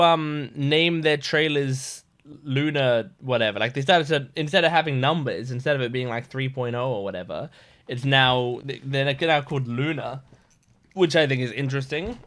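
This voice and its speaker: A man's voice: fairly high pitch, fairly bright tone. A man hosting a reaction video in casual chat, rambling and chatty with frequent restarts.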